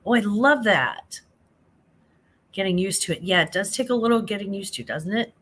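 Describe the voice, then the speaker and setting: A woman's voice: medium pitch, lively intonation, normal speed, a bit bright. A half-awake woman hosting a casual late-night live stream on her phone, chatting and reading viewer comments aloud, calling people honey.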